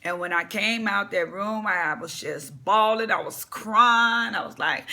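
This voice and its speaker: A man's voice: high-pitched, a little slow, few pauses, sharp tone. A man giving casual vlog commentary, blunt and profane, rambling with fillers and telling a personal story. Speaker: vlogger.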